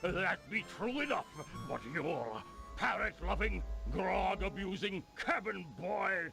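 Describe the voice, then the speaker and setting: An actor playing a gruff, boastful old male pirate barkeep in a video game, speaking in salty pirate slang with a gravelly drawl. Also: sits high, lively intonation, slow pace, exaggerated voice. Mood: taunting. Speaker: game character. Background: game music.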